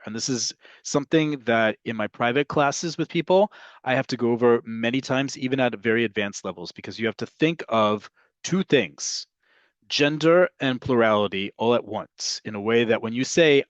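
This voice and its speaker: A man teaching a language lesson from slides, often checking in with his listeners and pushing key words up in pitch and volume. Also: no room sound. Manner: checks in often with "right?" and "okay?"; stresses words with sudden jumps in pitch and loudness. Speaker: Hebrew teacher. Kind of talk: slide lecture. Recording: dull, dry lo-fi recording.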